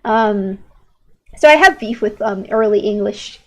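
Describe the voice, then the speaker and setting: A woman's voice: mid-range voice, unhurried. A young woman in her late teens chatting casually while drawing on an art stream, rambling and opinionated, with lots of "like" fillers and restarts.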